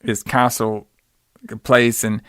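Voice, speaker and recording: A man's voice: mid-range voice, level tone, slow pace, a bit bright, smooth, no room sound, studio quality. A man hosting a podcast, recapping a horror movie in casual, rambling, slangy chat and acting out quotes in exaggerated voices. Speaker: podcast host.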